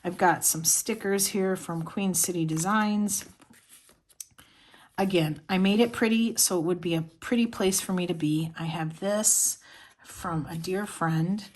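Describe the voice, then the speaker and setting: A woman's voice: on the low side, unhurried, darkish tone. Rambling heartfelt middle-aged woman vlogger. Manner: heartfelt, rambling with many fillers. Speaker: planner vlogger. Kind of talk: casual show-and-tell chat.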